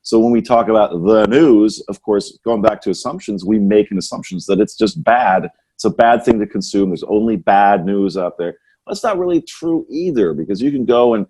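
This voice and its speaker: A man's voice: on the low side, lively intonation, fairly quick, dark tone, slightly rough. A man hosting a podcast, chatting casually and musing in a rambling way, often tagging his points with "right?". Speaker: podcast host. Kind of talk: casual conversational chat.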